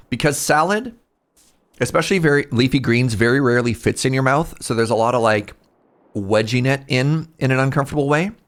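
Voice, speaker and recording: A male streamer in casual chat with his viewers, rambling and cutting himself off, with sudden animated outbursts. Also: mid-range voice.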